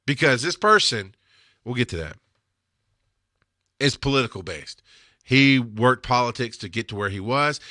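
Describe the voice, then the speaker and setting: Blunt, bright-voiced man telling stories. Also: lowish voice, no echo, studio quality. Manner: blunt, emotional, swears when angry. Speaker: EMS instructor telling field stories. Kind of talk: casual storytelling.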